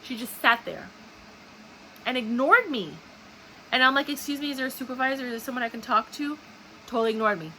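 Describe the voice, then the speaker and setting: A woman's voice: sits high, fairly quick, pauses often, pushed and bright, slight background noise, rough recording. A young woman telling a story in an angry, indignant monologue full of swearing. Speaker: video host. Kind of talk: casual ranting monologue.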